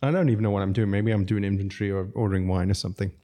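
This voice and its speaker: A man from Zambia, a restaurateur guest, telling animated anecdotes in casual chat, laughing often and acting out quotes. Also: lowish voice, rapid-fire.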